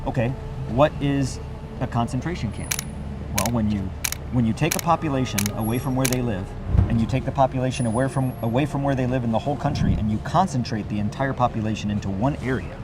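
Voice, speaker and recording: Male interviewee, quick storyteller, recorded outdoors with heavy street noise. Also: mid-range voice. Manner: storytelling, acts out dialogue. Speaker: interviewee, former aid worker. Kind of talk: interview answers.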